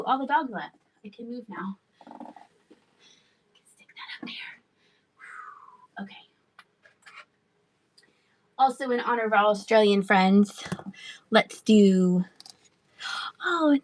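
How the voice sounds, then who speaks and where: A woman hosting a casual live-stream sale, chatty and quick to laugh as she answers the chat. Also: mid-range voice, no room sound. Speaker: online live-auction seller.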